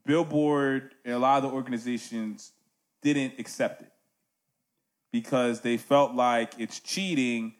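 A man's voice: mid-range voice, fairly even intonation, measured pace. A man hosting a casual music podcast, talking animatedly and checking in with "right?" asides.

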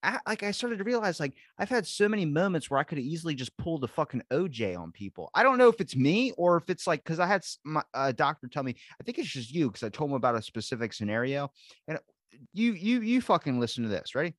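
A man hosting a podcast in casual chat, telling animated stories full of swearing and acted-out quotes. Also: a little high, fast talker, no room sound, studio quality. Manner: animated storyteller, swears constantly, acts out quotes. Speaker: podcast host.

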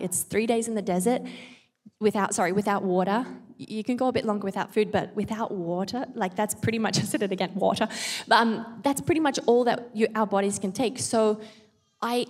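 A woman's voice: mid-range voice, a little mellow. A mother giving an earnest, chatty Bible devotional talk with self-aware asides. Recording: long hall reverb.

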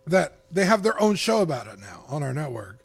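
A man talking casually as a podcast guest, telling stories in a chatty, animated way. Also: on the high side, a little fast, gravelly, slightly rough, no room sound. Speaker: podcast guest and network co-creator.

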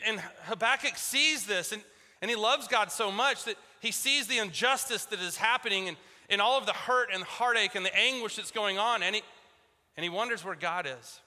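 Male pastor, conversational sermon, bright and high-pitched, recorded in a reverberant church. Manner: conversational, repeats words at restarts, acts out voices of biblical figures. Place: church sanctuary.

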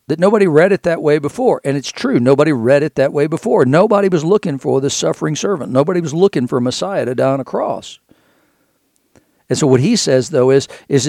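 Gravelly-voiced man preaching a sermon. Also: mid-range voice, darkish tone, no echo, clean studio sound. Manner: conversational, repeats words while thinking.

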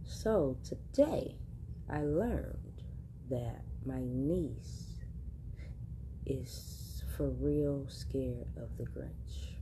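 A woman's voice: extremely low pitch, lively intonation, drawn-out words, background noise. A woman hosting a podcast, telling a casual story straight to her listeners, chatty and laughing often. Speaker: podcast host.

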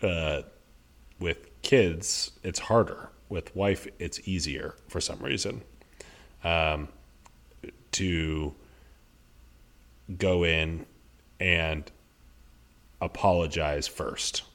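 A man's voice: sits low, extremely slow, long pauses, fairly bright tone. A man co-hosting a podcast, talking earnestly and reflectively in casual conversation, with frequent restarts. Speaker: podcast co-host.

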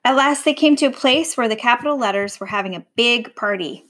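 A woman reading a picture book aloud to a young child, gentle and warm, stopping to ask the child questions. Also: a little high, fairly quick, rough recording.

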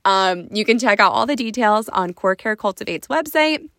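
Young woman, podcast host, emotional, gushing, casual, mid pitch, dry close mic. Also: lively intonation, normal speed, a bit bright, dry recording.

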